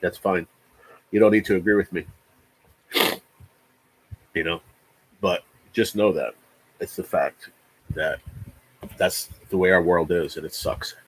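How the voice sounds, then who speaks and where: A man's voice: low voice, fairly even intonation, unhurried, long pauses, husky, no echo, rough recording. A man in his forties hosting a casual livestream chat, talking in an emphatic, profane rant and often repeating himself. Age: 40s. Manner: repeats words. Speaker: livestream host.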